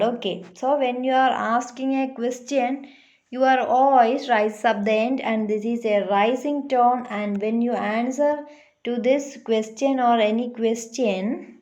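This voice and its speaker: A woman teacher giving a classroom lesson, explaining patiently and checking in with her pupils. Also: on the high side. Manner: slow, patient, checks in with "huh?".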